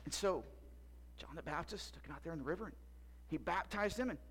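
His voice is on the high side, a little fast, fairly bright, and slightly rough, and the recording is rough too. Dressed up for a church skit, he playfully narrates a Bible story as a first-person monologue, cracking jokes and quizzing the crowd.

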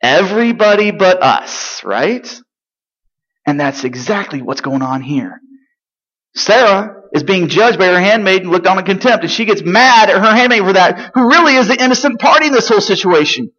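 Male pastor, conversational sermon, rhetorical questions, slightly high voice, muffled recording. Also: lively intonation, normal speed, sharp tone.

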